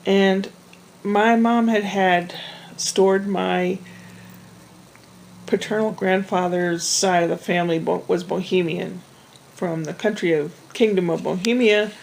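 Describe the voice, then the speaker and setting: A vlogger with a gravelly, fry-tinged, lowish voice tells a rambling personal story straight to camera, chatting casually with frequent asides and restarted sentences. The audio is poor, with a little hiss or hum.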